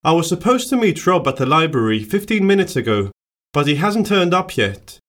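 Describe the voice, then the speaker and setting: A man performing scripted everyday dialogue for a listening exercise, with clear, plainly acted delivery. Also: fairly high pitch, sing-song, moderate pace, a bit bright.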